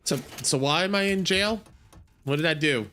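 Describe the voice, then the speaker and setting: A young male streamer giving casual commentary on his first playthrough in a sleepy, relaxed, rambling way, full of fillers. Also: on the high side, normal speed, slight background noise. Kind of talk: casual let's-play commentary.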